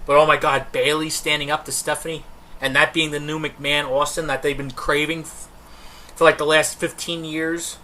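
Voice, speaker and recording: A man's voice: on the high side, level tone, normal speed, pushed and bright. A man co-hosting a casual wrestling podcast, rambling through details and tangents. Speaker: podcast co-host.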